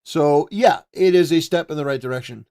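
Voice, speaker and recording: A man hosting a political livestream who comments in an excitable, exclamatory way and repeats his phrases for emphasis. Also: on the high side, a little fast. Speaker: livestream host.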